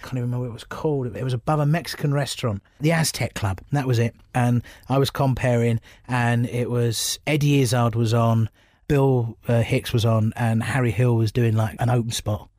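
Middle-aged man, mid pitch, loose anecdotal comic delivery. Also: fairly quick, no room sound, clean studio sound. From England. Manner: animated storyteller, laughs often. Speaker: comedian guest. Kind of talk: casual anecdotal chat.

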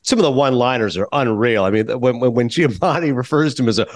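Fast-talking host, dry close sound. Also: male voice, mid-range voice, dry recording. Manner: eager, effusive praise. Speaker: podcast host. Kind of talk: interview.

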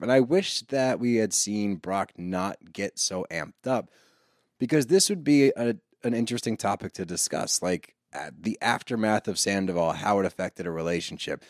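A man with a fairly low voice hosts a loose recap podcast, animated and sarcastic, dropping swear words as he rants. The sound is dry and close, with no room around it. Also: moderate pace, no echo. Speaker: podcast host. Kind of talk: casual reality-TV recap chat.

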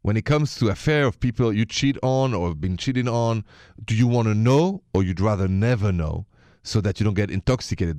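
A male radio host talks to callers on a call-in show, his voice sitting a little low. He hands out advice in an emphatic, punchy rhythm. The studio sound is dry and close. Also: expressive, a little fast, darkish tone, no echo. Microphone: studio microphone.

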